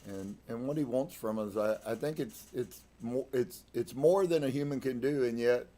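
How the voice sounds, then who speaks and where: A man preaching in a relaxed, conversational way on a live stream. He repeats and restarts his words, then presses harder on a point with a burst of emphasis. His pitch sits in the ordinary middle range for a man. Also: moderate pace. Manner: conversational, with frequent restarts and emphatic swings in loudness. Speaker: congregation leader. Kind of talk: casual live-streamed sermon.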